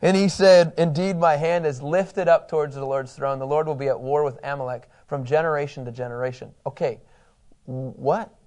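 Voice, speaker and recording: A man's voice: fairly high pitch, fairly even intonation, brisk, hardly any pauses, a little mellow. A middle-aged man teaching a Bible class in a conversational way, reading scripture aloud and asking his listeners questions.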